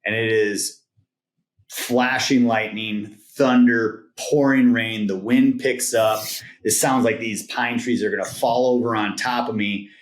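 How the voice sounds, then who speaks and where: A man's voice: medium pitch, steady tone, a little slow. A man, a podcast guest, telling a personal story in a laid-back way, often tagging on "like" and "right?". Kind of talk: casual storytelling. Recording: roomy echo.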